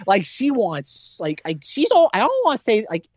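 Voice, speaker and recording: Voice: medium pitch, sing-song, normal speed, dry recording. Podcast co-host, rambling recap full of "like", dry, dull lo-fi sound. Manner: rambling, heavy use of "like", restarts. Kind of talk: casual movie recap.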